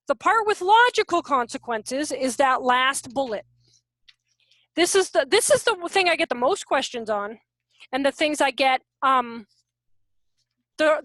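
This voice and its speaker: A high-pitched woman talks through a parenting workshop over a video call, chatty and loose, slipping into little acted-out voices of parents and kids. The sound is close and dry, with no room echo. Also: a bit bright. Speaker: workshop presenter on parenting and teaching. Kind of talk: casual online workshop talk.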